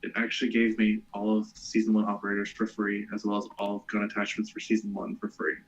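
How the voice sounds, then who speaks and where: A man chatting casually on a gaming podcast in a relaxed, laid-back way. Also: fairly low pitch, fast talker, muffled recording. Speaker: podcast co-host.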